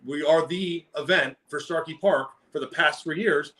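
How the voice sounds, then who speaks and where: A man co-hosting a business podcast in animated, rambling casual chat, often stopping and restarting his sentences. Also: fairly high pitch, moderate pace, rough recording. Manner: animated, rambling, self-interrupting. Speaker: podcast co-host.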